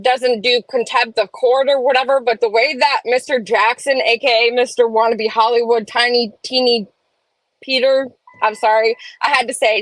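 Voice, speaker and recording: A woman's voice: fairly high pitch, no echo, poor audio. Chatty woman streaming from home. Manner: chatty, reads chat aloud, opinionated asides. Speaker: livestream host. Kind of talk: casual live-stream chat. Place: home room.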